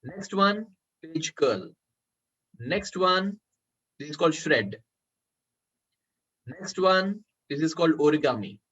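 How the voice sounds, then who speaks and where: A man running a live software tutorial as a workshop trainer, often calling his listeners friends and checking whether they can see the screen. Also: on the high side, expressive, slow, long pauses, slightly rough. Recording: muffled lo-fi recording.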